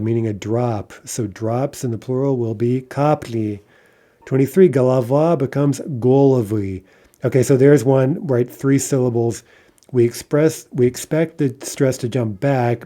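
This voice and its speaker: A man's voice: mid-range voice, warm tone. A man teaching an online language lesson, going through examples one by one and checking in with the listener. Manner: methodical, checks in with "right?" and "okay".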